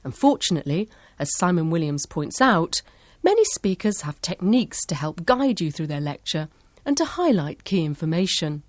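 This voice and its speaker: A woman narrating a study-skills lesson in a clear, measured, instructive way. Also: fairly low pitch, sing-song, a little mellow, no echo. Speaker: course narrator. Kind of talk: scripted educational narration.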